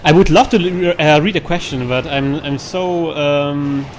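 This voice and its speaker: A man's voice: fairly high pitch, a little slow, background noise. A man hosting a co-op game session in casual chat, joking and laughing often. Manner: laughs often, excitable, jokey. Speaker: gamer hosting a co-op stream.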